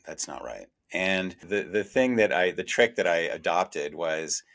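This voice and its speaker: In this podcast discussion, the same middle-aged journalist and co-host reflects candidly, pokes fun at himself and keeps starting his sentences over. His voice is low and a touch bright, delivered somewhat slowly.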